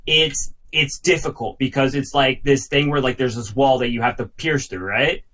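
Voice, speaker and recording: A man's voice: mid-range voice, moderate pace, fairly bright tone. A man co-hosting a podcast in casual chat, rambling and padding his talk with "like". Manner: rambling, filler-heavy, says "like" a lot. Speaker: podcast co-host.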